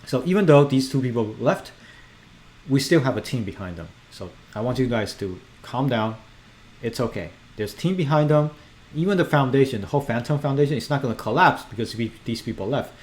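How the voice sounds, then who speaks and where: A man giving casual, animated commentary as a crypto video host, emphatic and repetitive as he reassures viewers. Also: medium pitch. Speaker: crypto YouTuber.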